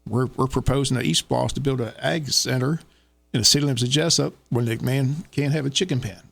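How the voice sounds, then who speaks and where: A man's voice: mid-range voice, fairly quick, gravelly, a bit bright, husky. A man co-hosting a radio talk show, pressing the same questions over and over. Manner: insistent, keeps repeating his questions.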